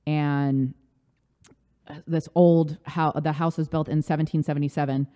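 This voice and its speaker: A woman from the United States, a life coach chatting as a guest in an interview, animated and talkative, with lots of "like". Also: low-pitched, unhurried, smooth. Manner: chatty, animated storytelling with frequent "like". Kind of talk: casual interview chat.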